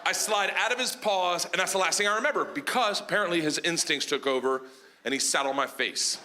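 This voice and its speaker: Loud, high-voiced man telling stand-up stories. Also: fairly quick, a faint crowd. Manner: loud, animated, voice jumps high and shouts on punchlines. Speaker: stand-up comedian. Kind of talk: stand-up storytelling. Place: comedy club stage before a laughing audience. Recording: live club recording with audible audience noise.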